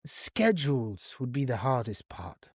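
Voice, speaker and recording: A woman playing a character in a tabletop game, wry in tone and dropping into a low, polite voice for her character. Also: very animated, measured pace, slightly rough, dry recording, studio quality. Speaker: player.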